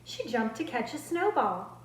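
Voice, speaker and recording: A woman speech therapist reading picture books aloud to children, slow, clear and expressive. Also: a little high, a little hiss or hum. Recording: roomy echo.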